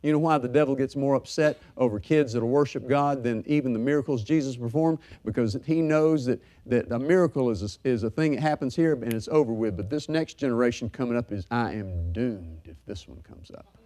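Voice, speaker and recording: A middle-aged man pastor preaching a sermon, swinging from loud fervor to soft, hushed talk. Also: medium pitch, brisk, hardly any pauses.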